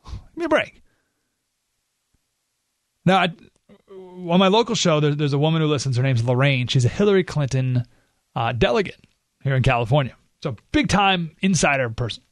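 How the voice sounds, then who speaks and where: Male radio host, fairly high voice, dry close sound, animated and sarcastic. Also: a little fast, dry recording. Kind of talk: political talk radio monologue.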